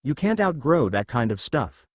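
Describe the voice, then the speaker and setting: Brief: bookish British goth schoolgirl, sardonic, read by a man, crisp dry sound. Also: mid-range voice, big pitch swings, moderate pace, no echo. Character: young adult British goth girl, bookish and teasing.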